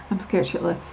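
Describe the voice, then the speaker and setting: A woman telling her own story in a vlog, candid and emphatic, repeating words for stress and drifting onto tangents. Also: noisy background. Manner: candid and confiding. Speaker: vlogger sharing her medical experience.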